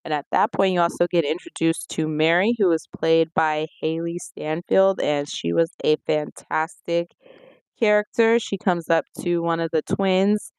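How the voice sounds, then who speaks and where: Smooth-voiced casual movie reviewer. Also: mid-range voice, moderate pace, no room sound. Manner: conversational, retells scenes with lively acted-out quotes.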